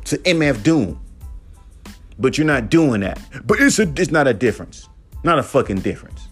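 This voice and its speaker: A man's voice: fairly high pitch, big pitch swings, moderate pace, faint music behind. A man hosting a solo podcast, ranting in a casual, profane, emphatic way and mocking others in put-on voices. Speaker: podcast host.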